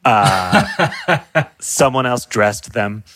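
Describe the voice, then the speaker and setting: A man appearing as a comedian guest in casual chat, animated, laughing often and breaking off his own sentences. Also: lowish voice, very slow, dry recording.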